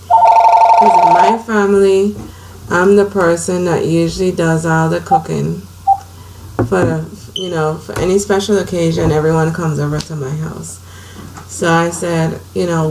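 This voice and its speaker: A woman's voice: lowish voice, fairly even intonation, measured pace, noisy background. A woman in her thirties telling her own life story to the camera in an earnest, conversational way. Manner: earnest, conversational, drifts softer at times.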